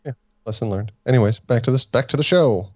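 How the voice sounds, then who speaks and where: A man's voice: mid-range voice, fast talker, darkish tone, no echo, highs cut off. A man co-hosting a fan review podcast, chatting casually in a laid-back, teasing way. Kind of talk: casual chat.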